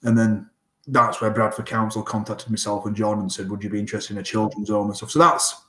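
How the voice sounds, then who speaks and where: A man's voice: lowish voice, a little fast. Chatty man in an echoey room. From Northern England. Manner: animated storyteller, acts out quoted exchanges. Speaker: rugby player and guest. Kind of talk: casual interview chat.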